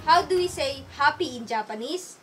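A woman teaching a casual online lesson, slowly repeating each phrase and often restarting her sentences. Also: high voice, expressive, pushed and bright. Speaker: language teacher. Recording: music playing underneath.

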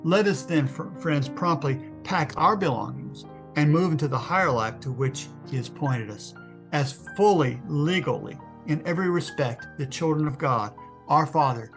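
A middle-aged pastor gives an earnest sermon. His voice sits a little high for a man. Soft music plays faintly under him, and he keeps stopping to restart words. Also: gravelly. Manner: earnest, stops to restart words, addresses listeners as friends.

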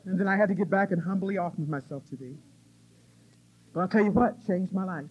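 A middle-aged woman from the US Midwest giving an animated, laughing personal testimony at a recovery conference. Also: on the low side, brisk, breathy edge. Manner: animated, laughing, exclamatory storyteller. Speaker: recovery meeting speaker. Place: conference hall stage. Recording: muffled cassette tape transfer.

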